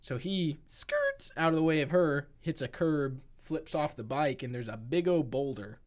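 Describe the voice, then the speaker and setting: A man's voice: on the high side, huge pitch swings, normal speed. A man co-hosting a podcast, telling a rambling family story in casual chat and acting out the quotes. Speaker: podcast co-host.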